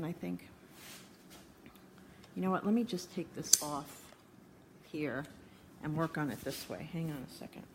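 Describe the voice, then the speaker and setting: A woman's voice: fairly low pitch, noisy background. A woman hosting a live cooking stream from her home kitchen, muttering and fretting to her viewers while she struggles to fix her camera. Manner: flustered, muttering to herself while fixing camera. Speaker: cooking show host. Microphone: phone or tablet camera mic.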